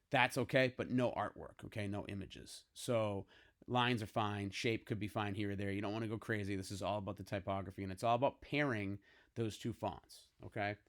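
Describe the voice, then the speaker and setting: Man, lowish voice, teacher, screen-recorded tutorial, casual, keeps asking "okay?". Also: fairly bright tone. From United States. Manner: casual, coaxing, frequent "okay?" check-ins.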